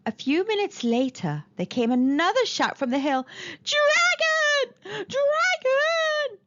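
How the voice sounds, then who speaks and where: A woman reading a children's picture book aloud with an expressive, animated delivery. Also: fairly high pitch. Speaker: storyteller. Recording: slightly dull lo-fi recording.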